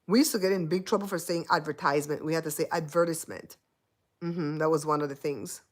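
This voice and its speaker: A woman's voice: deep voice, fast talker. A Belizean woman hosting a casual livestream chat, laughing often and teasing her viewers. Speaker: host.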